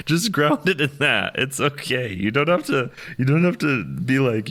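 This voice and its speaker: A man co-hosting a podcast, chatting casually about a movie, rambling and restarting with sudden animated jumps in pitch. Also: normal speed, few pauses. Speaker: podcast co-host. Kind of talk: casual movie review chat.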